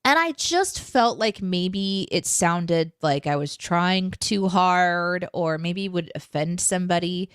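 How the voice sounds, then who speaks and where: A woman's voice: fairly low pitch, expressive, slow pace, few pauses, clear, resonant tone, no room sound, clean studio sound. A woman co-hosting a casual live chat show, chatty and self-deprecating, laughing often. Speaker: co-host.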